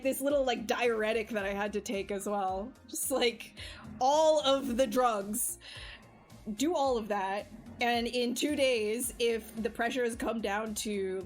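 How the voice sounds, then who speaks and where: A woman livestreaming, telling a personal story in casual chat, animated and laughing often, with many fillers. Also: fairly high pitch. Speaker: livestream artist. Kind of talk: casual chat while streaming.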